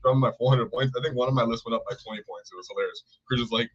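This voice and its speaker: A man's voice: mid-range voice, fairly even intonation, rapid-fire, slightly rough. A man co-hosting a casual live stream, talking enthusiastically, rambling and thanking viewers by name. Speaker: co-host. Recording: dull lo-fi stream audio.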